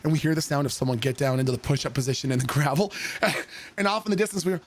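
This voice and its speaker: High-voiced, joking male game streamer. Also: rapid-fire, a little hiss or hum. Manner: animated, profane, joking. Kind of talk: casual storytelling and chat with viewers.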